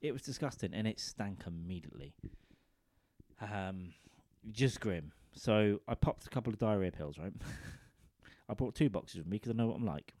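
A man's voice: fairly low pitch, animated, moderate pace, darkish tone, no echo, clean studio sound. A man telling a crude, rambling comic story into a microphone, often checking in with his listeners. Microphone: studio microphone.

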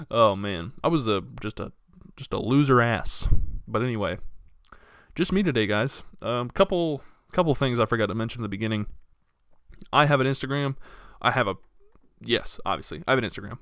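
A man's voice: mid-range voice, smooth, dry recording, clean studio sound. A young man hosting a solo podcast, telling stories in a casual, profane way and acting out the people he quotes. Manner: casual, profane, storytelling with animated quoted voices. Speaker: podcast host.

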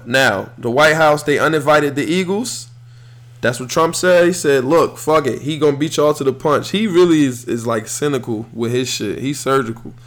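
A young man hosting a podcast, talking solo about sports in a loose, heated, profane way. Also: on the high side. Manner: animated, swears freely, heated rants. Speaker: podcast host. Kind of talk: casual solo sports talk.

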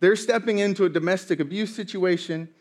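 A man preaching a sermon, telling a story with playful, animated asides. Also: sits high, a little fast. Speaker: pastor.

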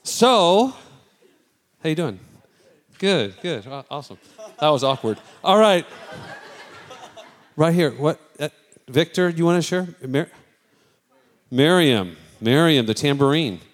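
A man's voice: fairly high pitch, lively intonation, moderate pace. Chatty pastor man talking to his church. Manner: chatty and spontaneous, addressing the congregation. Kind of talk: casual sermon talk.

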